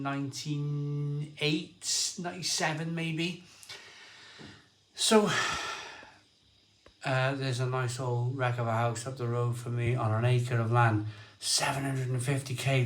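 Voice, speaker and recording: A man's voice: mid-range voice, reverberant. Rambling man telling stories. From Barry, Wales. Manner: rambling storyteller, lively and excitable, often restarts sentences. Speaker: livestream host. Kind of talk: casual livestream chat, reading viewer comments.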